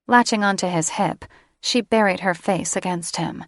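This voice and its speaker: A woman narrating a romance audiobook in a measured, unhurried, softly sensual delivery. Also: mid-range voice, vocal fry, no echo, studio quality.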